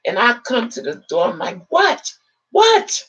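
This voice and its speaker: On a live video chat setup, a woman with a husky, mid-range voice speaks fairly quickly through a muffled recording. She tells her viewers an emotional personal story, retelling it dramatically and with animation while acting out what people said.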